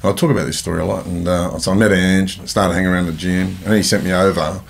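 Australian male host, very deep and gravelly, talks fast, keen and rambling. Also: fairly even intonation. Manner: eager, rambling, frequent yeahs. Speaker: podcast host. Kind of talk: casual podcast chat.

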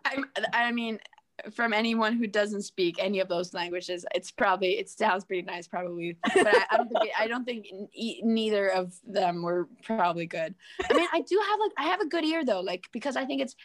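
A woman's voice: medium pitch, a little fast, no echo. A young woman from Norway chatting casually, rambling with lots of fillers and restarts. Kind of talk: casual chat.

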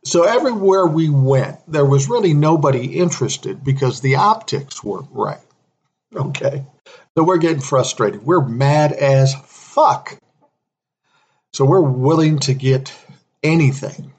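A middle-aged music manager tells a profane story in a casual, animated way, laughing often and acting out what other people said. His voice is husky and on the high side, with a measured pace.

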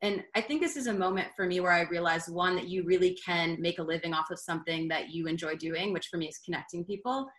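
Low-voiced woman in an echoey room. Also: quick pace, few pauses, a bit bright. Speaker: podcast guest, networking founder. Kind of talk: casual interview chat.

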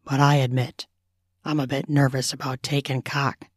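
An uneasy man speaks haltingly in a lowered voice, nervous and unsure in an audiobook reading, as a woman puts him on. The sound is dry and close. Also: little pitch movement, breathy edge, no echo. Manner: hesitant, nervous. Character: hesitant nervous young man, new to this.

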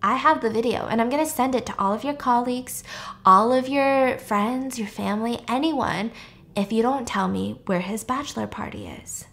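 A cold, vengeful young woman delivers blunt, clipped threats, as a woman recapping the film puts her on. Her lines are short and hard. Her voice sits slightly high. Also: moderate pace, gravelly, fairly bright tone. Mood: threatening.

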